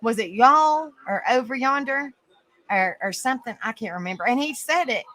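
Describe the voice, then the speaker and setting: Lady hosting a chat room, rambly and giggly, bright slightly high voice. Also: animated, moderate pace, poor audio. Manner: chatty, giggly, rambling with many fillers. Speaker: host of an open panel. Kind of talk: casual chat.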